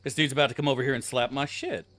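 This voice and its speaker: A man's voice: mid-range voice, steady tone, racing, fairly bright tone. A man streaming a game, chatting casually to his chat with a profane, joking manner. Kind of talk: casual gameplay commentary.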